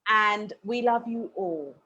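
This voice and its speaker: A woman's voice: medium pitch, slow, sharp tone, highs cut off. A woman co-hosting an online talk show, polite and grateful as she closes the episode. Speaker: co-host. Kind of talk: closing remarks on an online show.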